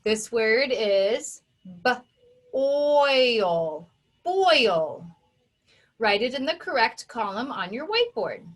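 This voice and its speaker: In a recorded phonics lesson, a woman teacher with a slightly high, sing-song voice leads young children through each step. She pronounces every sound with patient, careful, deliberate enunciation.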